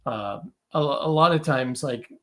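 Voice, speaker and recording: A man's voice: mid-range voice, normal speed, pushed and bright. A man talking as a podcast guest in a loose, chatty way, often tagging his points with "right?". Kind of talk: casual conversational interview.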